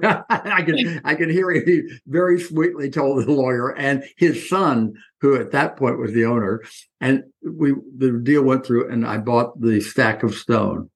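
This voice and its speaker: A man in his eighties telling anecdotes as an interview guest, lively and acting out the voices of people he quotes. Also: mid-range voice, unhurried. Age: 80s. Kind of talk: reminiscing storytelling.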